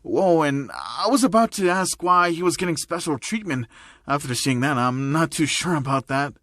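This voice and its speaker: A man's voice: a little high, animated, normal speed, fairly bright tone, no room sound, clean studio sound. A man playing a jittery scared teen boy. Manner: nervous. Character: scared teenage boy student.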